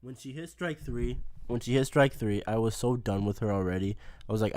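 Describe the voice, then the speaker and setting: A man's voice: medium pitch, brisk, a little mellow, no room sound. Man, casual podcast chat, storytelling, swears freely, dry sound. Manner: storytelling, swearing, laughs often. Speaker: podcast co-host.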